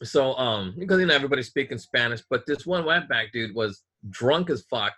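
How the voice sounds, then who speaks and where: A man's voice: medium pitch, animated, a little fast, pushed and bright. A man in casual chat, telling a story in an angry, profane rant.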